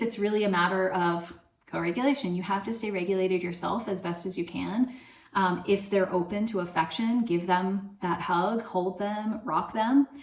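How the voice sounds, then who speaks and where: A woman speaking as a parenting coach, giving casual advice in a loose, chatty way full of fillers. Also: mid-range voice. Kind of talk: casual advice talk to camera. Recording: echoey room.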